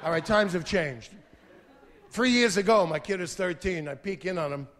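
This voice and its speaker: A man in his fifties performing a stand-up comedy routine on stage, animated, breaking into shouted impressions and sung snatches. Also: high-pitched, normal speed, big-room sound. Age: 50s. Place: theater stage before an audience. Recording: live stage mic over a laughing crowd and noise.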